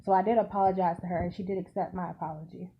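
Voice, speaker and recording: A young woman vlogger telling a casual storytime, animated and swearing, acting out what people said. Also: lowish voice, rapid-fire, muffled recording, a little hiss or hum. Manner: animated, swearing, acts out quotes.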